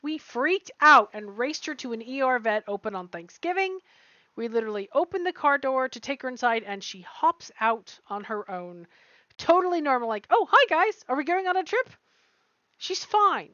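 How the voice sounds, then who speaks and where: A bubbly woman chatting playfully as a livestream co-host and reading viewer comments aloud. Her voice is high. The sound is dry and close, with dull lo-fi quality. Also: pushed and bright, dry recording. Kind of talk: casual chat. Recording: dry, dull lo-fi stream audio.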